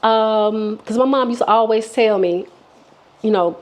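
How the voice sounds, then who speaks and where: A woman with a slightly high voice tells a personal storytime. She is candid and chatty, with plenty of restarts. She acts out the lines of the people in her story as she goes. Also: steady tone, unhurried. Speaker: vlogger. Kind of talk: casual storytime.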